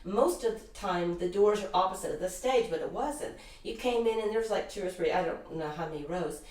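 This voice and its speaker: A woman's voice: mid-range voice, a little fast, a little mellow. A middle-aged woman, an interview guest, telling long rambling anecdotes with lots of restarts. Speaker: guest, intuitive healer. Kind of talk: casual interview storytelling. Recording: roomy echo, distant mic.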